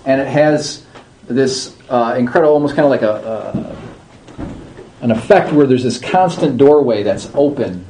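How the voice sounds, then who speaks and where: Man giving a relaxed liturgy class. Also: mid-range voice, a little hiss or hum, poor audio. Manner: conversational, checks in with listeners, drawn-out chanted demonstrations. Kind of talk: informal class talk.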